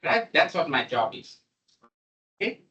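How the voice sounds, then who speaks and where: Guy lecturing a class, excitable, keeps repeating himself, sounds a way off from the mic. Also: fairly high pitch, unhurried, dull audio. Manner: animated, repetitive, coaxing students. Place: lecture room. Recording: voice distant from the mic.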